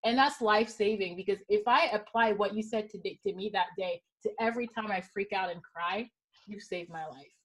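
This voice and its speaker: A woman's voice: medium pitch, a little fast. A woman hosting a podcast panel, talking in an earnest, emphatic storytelling way. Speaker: podcast host. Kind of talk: heartfelt panel conversation.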